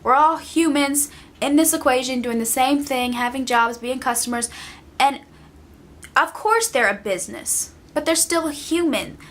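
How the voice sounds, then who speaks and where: Exasperated young woman with a high voice. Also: fairly bright tone. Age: young adult. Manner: exasperated, emphatic, repeats herself for effect. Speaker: vlogger. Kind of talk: casual ranting monologue.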